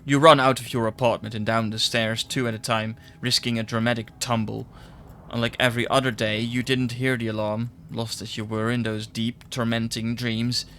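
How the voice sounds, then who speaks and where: A man acting as game master, giving measured, descriptive narration in the second person. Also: mid-range voice, little pitch movement, fairly bright tone, a little hiss or hum.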